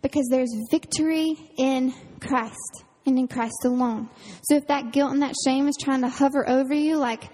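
A woman camp counselor, giving a casual, earnest youth sermon full of fillers and quick laughs. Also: sits high, fairly even intonation, dark tone. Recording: reverberant hall.

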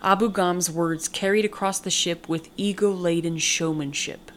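A woman hosting a podcast and reading a short story aloud in a measured, descriptive way. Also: lowish voice, steady tone, slight background noise.

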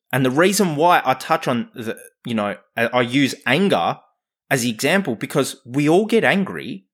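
A man's voice: fairly high pitch, a bit bright. A man hosting a podcast who talks candidly and emphatically, swearing freely and questioning himself as he goes. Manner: profane, emphatic, self-questioning. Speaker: podcast host and coach. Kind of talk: candid motivational monologue.

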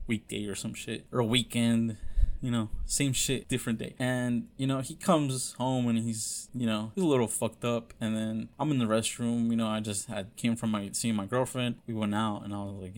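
A man's voice: mid-range voice, fairly even intonation, fairly quick. Man telling a story, loose and profane. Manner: loose, profane, many fillers; frank and confessional. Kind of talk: casual personal storytelling.

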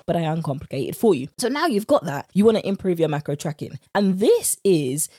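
Animated British woman podcast host. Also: on the low side, quick pace, hardly any pauses, no echo, clean studio sound. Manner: chatty and animated, addresses listeners as "girl". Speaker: podcast host and macros coach. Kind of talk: casual podcast monologue.

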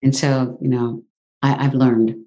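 Low-voiced woman telling a story. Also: measured pace. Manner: animated, exclaims often. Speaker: guest. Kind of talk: casual interview storytelling.

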